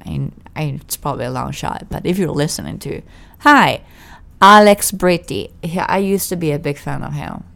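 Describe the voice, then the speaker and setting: A woman's voice: low voice, a little fast, gravelly, few pauses, a bit bright. A woman, co-hosting a podcast in casual chat, talkative and self-deprecating, restarting her sentences often. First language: Italian. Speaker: podcast co-host.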